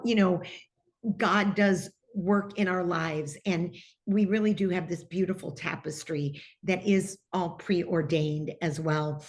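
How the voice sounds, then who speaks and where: A middle-aged woman, a TV personality, telling her own story earnestly in an interview and speaking openly of her faith. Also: mid-range voice. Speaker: TV personality and guest.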